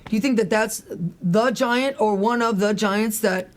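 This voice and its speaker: A woman's voice: fairly high pitch, unhurried. A woman hosting a casual chat, affirming her guest and asking leading questions. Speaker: interviewer. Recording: faint background noise.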